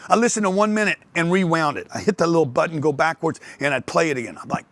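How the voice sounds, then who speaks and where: An older man giving a motivational talk on sales to an audience, telling lively stories and acting out the voices of other people. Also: on the high side, quick pace, creaky, hardly any pauses, no echo. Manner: animated storytelling, acts out others' voices. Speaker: speaker on sales and wealth.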